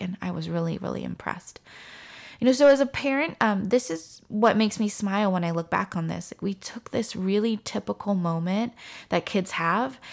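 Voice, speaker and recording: A woman in her thirties hosting a parenting podcast, calmly telling a story and acting out the dialogue. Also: mid-range voice, vocal fry. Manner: calm, storytelling with quoted dialogue. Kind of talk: instructive parenting talk.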